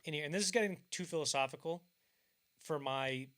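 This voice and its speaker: Rambling, bright-voiced young man. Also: on the high side, brisk. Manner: rambling, filler-heavy, acts out bits of scenes in mock voices. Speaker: podcast co-host. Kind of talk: casual film discussion.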